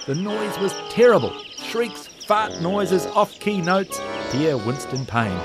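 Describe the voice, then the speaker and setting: Animated New man telling kids' stories. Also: high-pitched, slow, few pauses, over loud music. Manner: expressive, animated. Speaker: storyteller host. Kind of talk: children's story narration.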